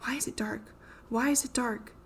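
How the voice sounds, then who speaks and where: A woman voicing a fragile, frightened young woman, speaking her thoughts in hushed whispers. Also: a little high, steady tone, moderate pace, slight background noise, pitched above the performer's own voice, natural voice.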